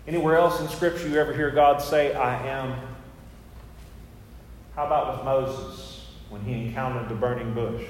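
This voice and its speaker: A man's voice: mid-range voice, steady tone, moderate pace. A male pastor giving a chatty, storytelling sermon with self-mocking asides. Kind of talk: conversational sermon. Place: church sanctuary. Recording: echoey church hall with faint noise.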